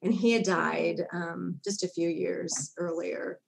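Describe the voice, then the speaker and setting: Creaky-voiced middle-aged woman telling her story. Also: lowish voice, steady tone, takes it slowly. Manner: candid, laughs often, acts out her past self in quotes. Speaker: guest psychotherapist. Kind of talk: personal story in a podcast interview.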